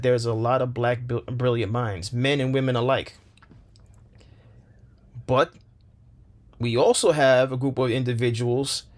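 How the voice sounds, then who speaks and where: Male commentary host of middling pitch, talking with fervor and hammering his points with repeated lines. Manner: impassioned, rhetorical questions, repeats phrases for emphasis. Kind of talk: opinion commentary monologue.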